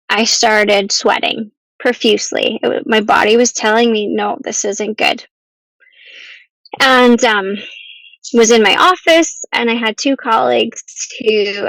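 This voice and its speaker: A woman telling a painful personal story as a podcast guest, earnest and halting, at times close to tears. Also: fairly high pitch, creaky, a bit bright, no echo, poor audio. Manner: earnest, halting, with restarts and ums.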